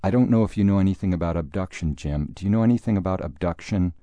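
A man voicing an earnest young man who speaks in crisp, prepared sentences. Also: sits low, fast talker, dark tone, no echo, natural voice.

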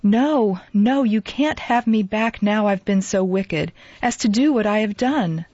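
A woman voicing a timid, remorseful young woman who speaks softly and kindly, in a storybook reading. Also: medium pitch, unhurried, dry recording, natural voice. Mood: anxious. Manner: soft, kindly, hasty when pressed. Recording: dull lo-fi dry recording.

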